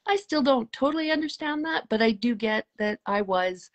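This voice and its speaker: A middle-aged woman telling a personal spiritual story as an interview guest, earnest and emotional, often dropping to a soft hushed tone. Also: a little high, lively intonation, normal speed.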